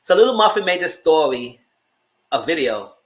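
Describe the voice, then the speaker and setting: Lively gossipy man recapping TV. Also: moderate pace. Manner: animated, gossipy retelling with frequent swearing; breaks into high squealing exclamations. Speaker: TV show reviewer and channel host. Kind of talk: casual TV recap commentary.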